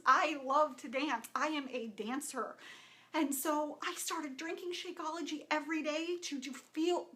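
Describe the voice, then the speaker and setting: Woman, 30s, high and bright, heartfelt personal testimonial, animated with quoted dialogue. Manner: emotional, animated retelling with quoted dialogue and restarts. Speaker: wellness vlogger.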